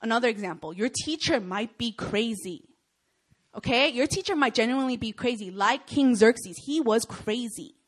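A young woman with a fairly high voice speaks at normal speed, giving a sermon at a Christian student gathering. She tells stories with lots of energy and keeps checking in with her listeners through "Okay?" and "Right?"

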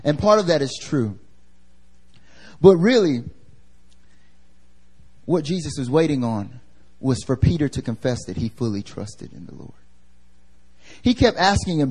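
A man delivers a live sermon in a voice pitched a little above the usual male range. He swings between loud, rising emphasis and hushed, almost whispered lines. He acts out the voices of the people in the story he is telling. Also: big pitch swings, a little slow, long pauses, husky. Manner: acts out quoted voices, laughs at himself. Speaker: pastor. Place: church service, live.

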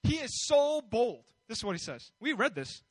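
A man's voice: very high voice, sing-song, normal speed, dry recording, poor audio. A man preaching a sermon in a conversational way, building his points with rhetorical questions and bold emphasis.

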